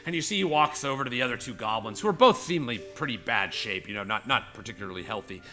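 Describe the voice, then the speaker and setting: A man's voice: medium pitch, animated, fast talker, pushed and bright, soft background music. A man narrating a tabletop game as game master, rambling with many fillers. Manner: rambling, filler-heavy storytelling.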